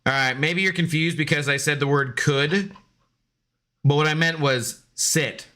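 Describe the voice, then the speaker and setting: A man's voice: a little high, unhurried, background noise. A man streaming a game in casual, rambling chat, joking with his dog and greeting viewers.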